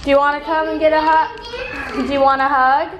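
The vlogging mom sounds high-pitched and animated at a normal speed, with slight background noise, as she talks casually to the camera on a neighborhood street. With her kids and puppies she switches to a sing-song baby voice.

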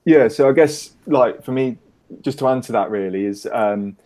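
A man's voice: mid-range voice, moderate pace, dark tone. A middle-aged man from Britain, a guest on a casual call-in interview, chatty and jokey with easy laughs. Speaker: interview guest, business owner.

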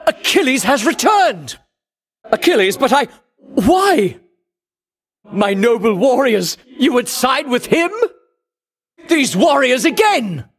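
A vain, swaggering champion of legend for a video game, all grand theatrical boasts and taunts. The voice sits high and swings widely in pitch. He takes his time, drawing out every lofty word. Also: sing-song, slow pace, pauses often, breathy edge, full character voice. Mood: indignant. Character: pompous boastful male hero champion.

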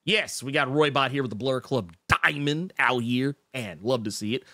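A man's voice: medium pitch, moderate pace, pushed and bright, no echo, clean studio sound. A man hosting a casual livestream, reading chat messages in a rambling, self-interrupting and emotional way. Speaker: podcast host reading live chat.

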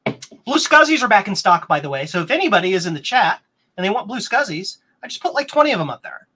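A rambling, chatty man hosts a casual live stream with a bright, forward tone. He wanders between explanations and viewer comments, and now and then his pitch jumps up with excitement. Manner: excitable, bursts into higher pitch. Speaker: host of a vintage computer stream.

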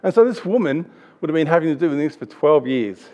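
A man's voice: fairly high pitch, expressive, quick pace, highs cut off. A man in his thirties with an Australian accent, giving a chatty, anecdotal church sermon with restarts. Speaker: preacher.

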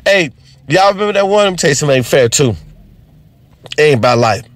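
A male stand-up comic rants, cursing freely. His pitch leaps around, he often shouts high, and the sound is dry and close. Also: quick pace, dry recording. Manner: profane, animated, ranting. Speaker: stand-up comedian. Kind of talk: unscripted comedy rant.

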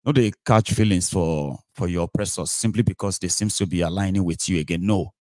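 A man with a Nigerian accent hosting a live political talk show, animated, switching between English, Pidgin and Yoruba with mocking asides. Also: deep voice, a little fast, no room sound, clean studio sound. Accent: Nigerian, Yoruba-inflected. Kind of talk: live solo political commentary.

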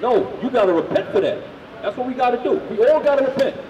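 A man street preaching, loudly firing questions at the crowd and drilling his points home. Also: very high-pitched, animated, quick pace, lo-fi sound, slight background noise. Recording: echoey, from far off.

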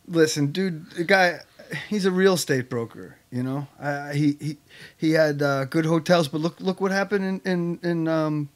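A man with a voice a bit higher than most, giving blunt opinions in a heated rant. He talks casually and bluntly, as if among friends. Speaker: co-host. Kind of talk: casual chat.

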